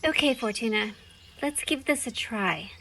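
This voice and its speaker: Cartoon baker girl, cheerful, chatty, sing-song, slow, background music. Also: fairly high pitch, expressive, creaky, noisy background. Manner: bright, chatty, talks to herself. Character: cheerful young baker girl, a number character. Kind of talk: children's cartoon voice acting.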